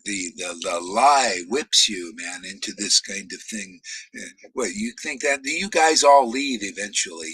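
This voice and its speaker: A man preaching a confrontational, profane sermon, shouting challenges at his critics. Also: mid-range voice, breathy edge, no room sound, low-quality recording.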